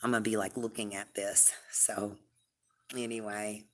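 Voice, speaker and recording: A woman hosting a casual live stream, rambling and chatty, full of fillers and warm toward her viewers. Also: rumbling low, little pitch movement, normal speed.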